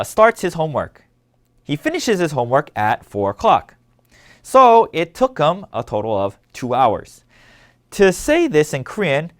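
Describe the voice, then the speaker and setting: Clear and patient, a male language instructor with a slightly high, widely varying pitch walks through a scripted lesson word by word. Again and again, he prompts his audience to follow the text and echo him.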